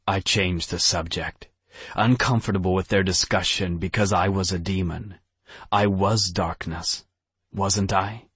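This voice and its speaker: A male narrator reading a first-person romance audiobook in a wry, deadpan manner. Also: low voice, a little slow, husky, no room sound.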